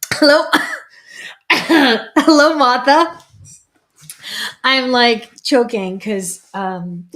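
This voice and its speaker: A woman, a psychic medium, hosting a casual livestream in a chatty, rambling way and greeting viewers by name. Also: mid-range voice.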